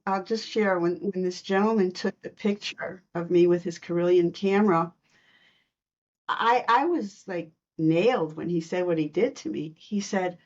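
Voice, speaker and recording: A woman guest telling personal stories in a podcast interview, lively and laughing between lines. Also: on the low side, moderate pace, lo-fi sound. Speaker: guest, intuitive reader.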